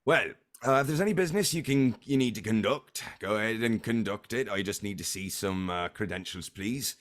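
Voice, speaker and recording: A man doing Captain Cross, a gruff salty sea captain. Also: fairly low pitch, a bit bright, lightly acted. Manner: salty sailor talk, blunt and brisk. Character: gruff male ship captain, blunt sailor.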